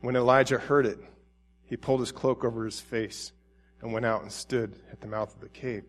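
A man preaching a sermon, reading scripture and acting out biblical figures with rising pleading intensity, then dropping to soft tender tones. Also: medium pitch, fairly even intonation, normal speed.

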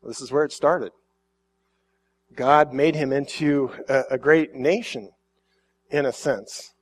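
A man's voice: medium pitch, slow pace. A middle-aged man preaching a sermon, reading scripture and then talking it through in a loose, conversational way, with restarts and voiced quotes. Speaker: pastor.

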